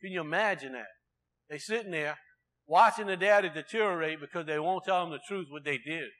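Bright high-voiced man preaching. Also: brisk. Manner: conversational preaching with rhetorical questions to the congregation. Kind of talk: sermon.

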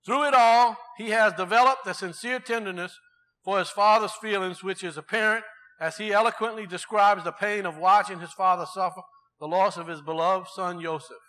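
A man's voice: sits high, fairly even intonation, moderate pace, pushed and bright. A man preaching a sermon in a conversational way, asking the congregation rhetorical questions.

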